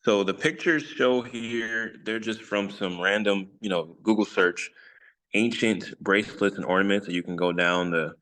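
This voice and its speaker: A man's voice: lowish voice, moderate pace, bright, forceful tone. A man teaching an informal scripture study, rambling and self-correcting with jokes along the way. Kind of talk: casual online study lesson.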